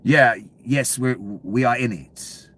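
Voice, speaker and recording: A man delivering a profane, angry political rant to viewers, dropping to low mutters and then bursting out loud. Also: takes it slowly. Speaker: commentary channel host.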